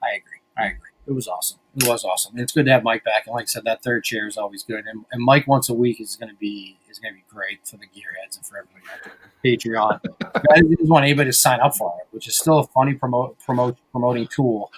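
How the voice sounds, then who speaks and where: A man's voice: mid-range voice, quick pace, breathy edge. A man hosting a podcast in casual banter, rambling and profane, often mocking himself. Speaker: podcast host.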